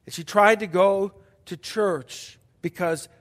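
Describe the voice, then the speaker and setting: Middle-aged pastor preaching in a hall. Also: male voice, sits high, steady tone. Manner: emphatic, repetitive, dramatic pauses and hushed passages. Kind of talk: sermon storytelling. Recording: long hall reverb.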